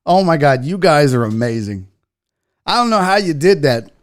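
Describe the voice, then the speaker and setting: Excitable, foul-mouthed woman hosting a show. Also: low-pitched, normal speed. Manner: excitable and heavily profane; talks straight to the audience. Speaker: sports show host. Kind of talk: casual unboxing chat to viewers.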